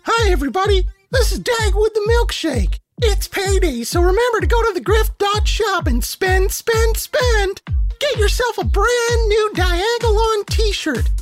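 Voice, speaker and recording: A woman voicing a squeaky, hot-tempered milkshake mascot reading a sing-song ad. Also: animated, a little slow, soft background music. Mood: chirpy. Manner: sing-song ad read turning to cursing tirade.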